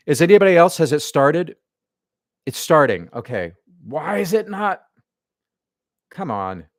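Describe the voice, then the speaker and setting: A man's voice: a little high, no echo, clean studio sound. A man hosting a live stream from his living room, grumbling with irritation as he talks to himself and his viewers. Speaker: livestream host. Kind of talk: live-stream reaction chat.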